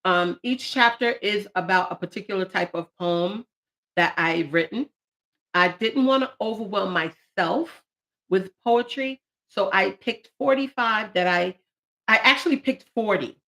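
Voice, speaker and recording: A woman in her late forties hosting a live stream, talking warmly and emotionally about her poetry book and the people she dedicated it to. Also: mid-range voice. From United States. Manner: heartfelt, emotional, animated bursts. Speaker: channel host and poet.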